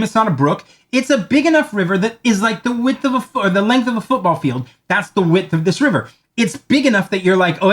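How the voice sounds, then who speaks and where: A man giving a talk on marketing, telling a long story in a conversational way and acting out the lines of the people in it. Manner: animated storyteller, acts out quoted lines in a higher voice; conversational, repeats words as he talks. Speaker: marketing speaker.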